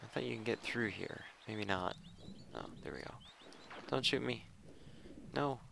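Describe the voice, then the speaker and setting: A man's voice: fairly low pitch, a little slow, creaky, noisy background. A man giving casual, rambling commentary while playing a video game, thinking aloud and poking fun at himself. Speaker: let's play commentator.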